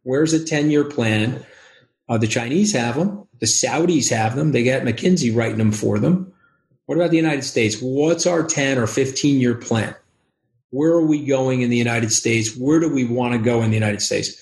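A man, speaking as an interview guest in an emphatic, rapid, over-caffeinated way. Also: medium pitch, a little mellow, roomy sound. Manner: rapid, emphatic, acts out quoted voices. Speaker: podcast guest. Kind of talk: animated interview talk.

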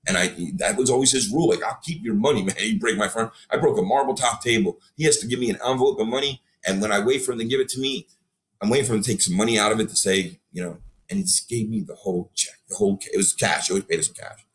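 A man telling stories as a guest on a casual podcast, animated, swearing freely and acting out what others said. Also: lowish voice, racing. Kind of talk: storytelling in casual podcast chat.

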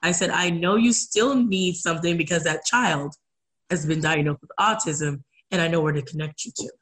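A woman's voice: fairly low pitch, moderate pace, fairly bright tone, poor audio. A woman guest speaking earnestly in a casual interview, acting out the voices of people she quotes. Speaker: guest, community advocate.

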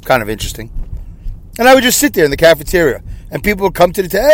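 A man's voice: high-pitched, very animated, racing. A man in his sixties with a New York accent, hosting a solo podcast in a jokey, self-deprecating, rambling way. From Brooklyn, New York. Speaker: podcast host.

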